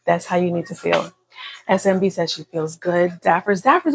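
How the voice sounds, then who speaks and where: A woman's voice: fairly low pitch, moderate pace, vocal fry, slightly rough, low-quality recording. A woman fitness instructor leading a live workout class from a phone in an indoor room. She counts reps and coaches in a casual, encouraging way. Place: indoor room on an upper floor. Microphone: phone livestream.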